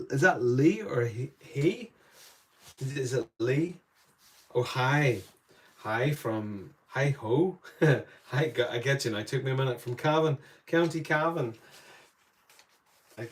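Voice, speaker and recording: A man hosting a live painting demo, thinking aloud softly as he works and brightening when he greets viewers in the chat. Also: medium pitch. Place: indoor studio room.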